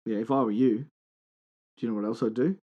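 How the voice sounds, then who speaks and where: A man's voice: medium pitch, fairly even intonation, fast talker, highs cut off. Joking Australian man co-hosting a podcast. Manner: joking, teasing. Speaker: podcast co-host. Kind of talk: casual banter.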